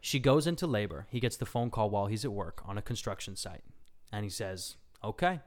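A man's voice: on the low side, fairly quick. A young man hosting a casual podcast, telling a story and joking with his co-host, often breaking into laughter.

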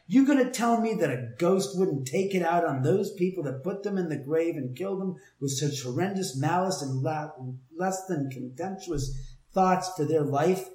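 A man telling a long story in casual conversation, heated, profane and animated. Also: a little high, moderate pace. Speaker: storyteller, homeowner with a haunted house. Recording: roomy echo.

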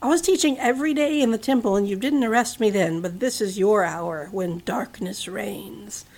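A woman voicing Jesus, a calm and grave man, in a storybook reading with only a light touch of character. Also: medium pitch, normal speed, lightly acted. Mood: solemn.

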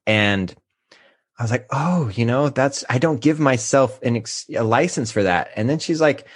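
A man's voice: mid-range voice, lively intonation, husky, no room sound. A man in his thirties speaks candidly on a podcast, sometimes catching himself as emotion rises. His voice sits dry and close to the mic, with no room sound. He comes across as open and unguarded. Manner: candid, emotional, halting when moved. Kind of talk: casual podcast chat.

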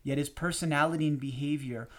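A man narrating a memoir audiobook in a measured, steady reading. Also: fairly high pitch.

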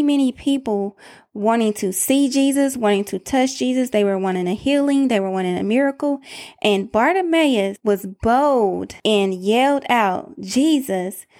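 A woman's voice: fairly high pitch, a little mellow. A woman preaching a sermon in an emphatic way, calling out to her listeners.

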